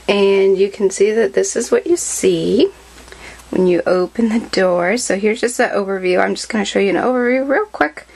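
A woman's voice: mid-range voice, slight background noise. A young woman vlogger giving a casual tour of her bedroom, filming with a handheld camera as she moves around and chats in a rambling way with lots of fillers. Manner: chatty, rambling, many fillers. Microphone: handheld camera, moving around.

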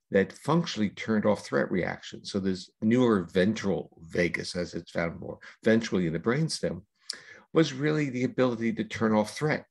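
In an explanatory podcast interview, an older man appears as a scientist guest, laying out ideas at length in a measured, lecturing manner with long explanations. His voice is low and gravelly with a husky edge.

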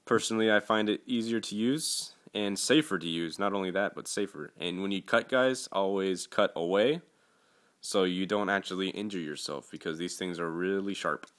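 A young man with a fairly low voice talks through a toy unboxing in a casual vlog. He is earnest and halting, stumbles and restarts as he searches for words, and then breaks into gushing, excitable exclamations. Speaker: toy collector vlogger.

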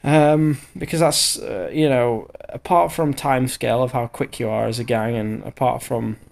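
Sounding short on sleep, a man in his thirties who lays bricks and vlogs talks loosely over his footage, full of fillers with an occasional swear. His voice is medium-pitched, creaky and a little mellow, with a steady tone at a moderate pace.

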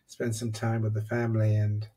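A man, a psychologist and author on compassion, telling a personal story as a podcast guest in an animated, conversational way. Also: on the low side, normal speed, slightly rough, distant mic.

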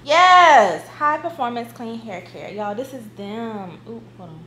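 A young woman chatting casually on her vlog, excitable and giggly, repeating herself as she talks. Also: fairly high pitch, normal speed, background noise. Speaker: beauty vlogger.

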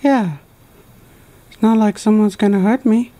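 A mellow, unforced voice plays a touchy plush animatronic fox in a homemade toy skit, the performer barely changing their own voice. The talk is plain and exasperated, full of complaints about being babied. Nothing is pushed or theatrical. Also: mid-range voice, a little slow, close to an everyday voice.

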